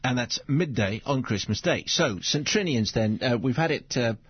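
A man's voice: mid-range voice, expressive, normal speed, slightly rough, no room sound, highs cut off. Dry, teasing male radio host. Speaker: radio presenter. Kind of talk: radio chat.

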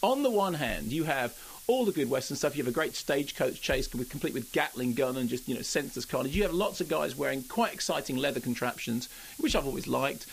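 A man reviewing films on the radio, animated and jokey, acting out quotes. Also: mid-range voice, a little fast, gravelly, a little hiss or hum, poor audio. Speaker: film critic. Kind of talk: radio film review chat.

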